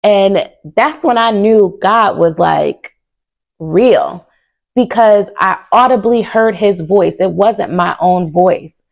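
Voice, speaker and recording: A woman's voice: mid-range voice, slow pace, vocal fry. A young woman vlogger telling a personal story to camera in a casual, earnest way, full of fillers and, at times, close to tears. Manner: earnest and candid, with many fillers.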